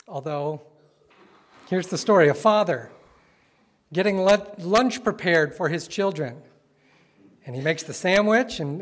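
A man preaching to his congregation, telling stories conversationally and slowing down hard on key phrases. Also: sits high. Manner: conversational, playful storytelling with sudden slow emphatic phrases. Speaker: pastor. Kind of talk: sermon. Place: church sanctuary with congregation.

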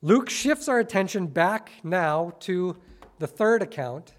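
A male pastor preaching a sermon, dramatic and full of rhetorical questions, swinging between soft and loud. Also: high voice, expressive, slow.

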